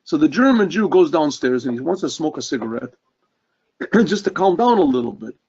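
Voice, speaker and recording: Brief: earnest male rabbi, storytelling sermon; husky, high-pitched. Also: fairly quick. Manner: earnest, animated storytelling with throat clearing. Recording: dull lo-fi recording.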